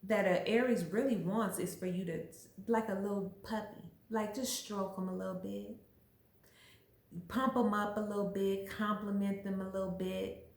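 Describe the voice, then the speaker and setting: A woman talking straight to camera in a loose, chatty way, leaning hard on her points with plenty of emphasis. Her voice sits at an ordinary middle pitch. The room around her is noticeably echoey. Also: fairly even intonation, moderate pace. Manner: chatty, emphatic, acts out little quoted voices. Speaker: astrology vlogger. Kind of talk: casual explanatory chat.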